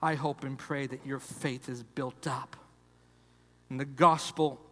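A male pastor preaching a sermon in a church, repeating phrases and swinging between loud emphasis and hushed, quiet passages. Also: medium pitch, steady tone, measured pace. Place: church sanctuary. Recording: long hall reverb.

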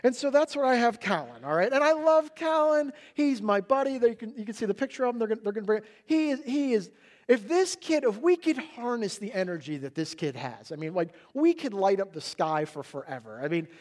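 A middle-aged man preaches a sermon in a fairly high voice. He tells family stories with lots of energy and loudly acts out his toddler's excited shouts. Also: fairly quick. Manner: animated storytelling, acting out his toddler's shouts. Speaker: pastor.

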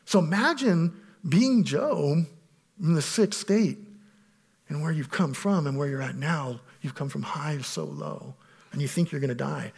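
A man preaching a sermon as pastor, animated, swinging between loud emphatic scripture reading and hushed asides. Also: high-pitched, breathy edge.

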